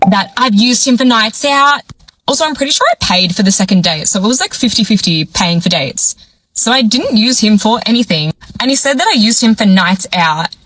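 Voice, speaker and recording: Young woman, fairly high voice, animated storytime rant. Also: brisk, low-quality recording. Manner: animated, acts out quoted dialogue. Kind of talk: storytime vlog.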